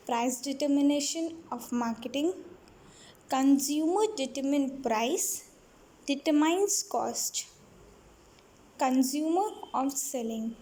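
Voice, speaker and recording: A woman reading out study notes in a plain listing manner. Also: sits high. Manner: reads headings and definitions in a flat list. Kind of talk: read-aloud lecture notes.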